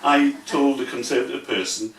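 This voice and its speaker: A man from Scotland in the audience, speaking haltingly and repeating words during a meeting discussion. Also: medium pitch. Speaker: audience member. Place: meeting room. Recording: echoey room, distant mic, faint hiss.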